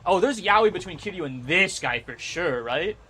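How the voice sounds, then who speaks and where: Male gaming streamer, slightly high-pitched, casual and excitable, swears a lot, laughs easily. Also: normal speed, a little hiss or hum. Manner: rambling and excitable, swears freely, laughs often. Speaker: game streamer. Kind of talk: casual live-stream chat while gaming.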